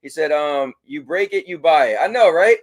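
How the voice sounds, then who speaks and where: A man hosting a casual livestream, reading chat messages aloud and giving shout-outs. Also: a little high, normal speed. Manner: animated, talks to his dog. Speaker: livestream host.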